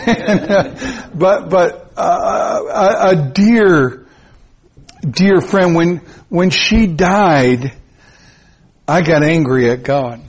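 A man preaching a sermon, emphatic and repetitive, with sudden high-pitched rises. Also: slow pace, slightly rough. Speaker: pastor.

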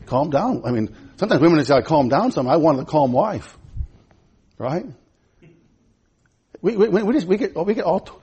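A middle-aged male pastor preaching a sermon in church, stammering and repeating words, with sudden swings between loud, excited passages and quiet asides. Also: a little high, creaky, slightly rough.

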